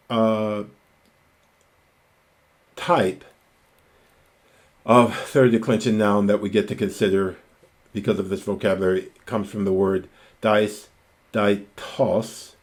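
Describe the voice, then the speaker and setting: A man giving a recorded ancient Greek grammar lecture, reciting word forms slowly and deliberately, with enthusiastic asides. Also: fairly low pitch, a little mellow. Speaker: Greek teacher.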